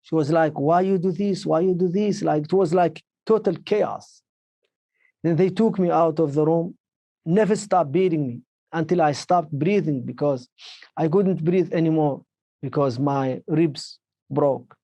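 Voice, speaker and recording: A man with a slightly high, mellow voice recounts his experiences as a podcast guest. His English is a second language, and he often stops and restarts. The sound is close and dry. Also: no echo. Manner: halting, repetitive speech with many restarts, speaking English as a second language. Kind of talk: recounting personal experiences in an interview.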